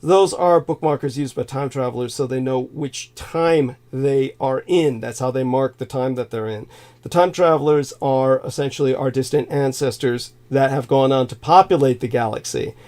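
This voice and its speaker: A man's voice: mid-range voice, moderate pace, darkish tone. Man, livestream co-host, lecturing, insistent, talks over others. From California. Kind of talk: livestream conversation.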